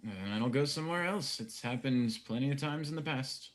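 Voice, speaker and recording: A man voicing a laid-back middle-aged ship captain in a tabletop game, talking in a low, confiding, unhurried way. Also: expressive, slight background noise, lightly acted. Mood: frank.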